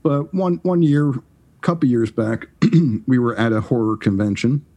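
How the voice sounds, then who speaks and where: Man, forties, husky voice, podcast guest, casual storytelling, animated, halting restarts. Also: mid-range voice.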